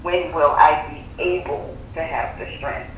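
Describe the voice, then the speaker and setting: A woman's voice: low voice, fairly even intonation. Hesitant woman calling in, distant echoey phone, a bit of hiss. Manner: hesitant, halting. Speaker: caller. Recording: distant echoey phone line with faint noise.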